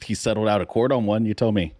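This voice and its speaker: A man's voice: on the low side, fast, over a noisy crowd. A man co-hosting a casual music podcast, giving blunt opinions with hesitant restarts. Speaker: podcast co-host. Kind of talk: casual chat.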